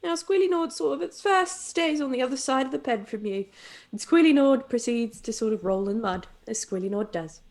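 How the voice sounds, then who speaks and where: Playful, giggly woman game master with a high, lively voice. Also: fairly quick. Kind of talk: narrating a tabletop game.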